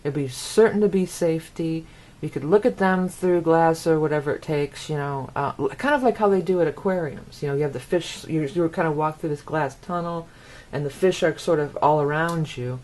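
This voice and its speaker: A woman's voice: low-pitched, darkish tone. A woman from the United States giving a rambling astrology forecast, often repeating words for emphasis. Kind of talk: casual monologue forecast.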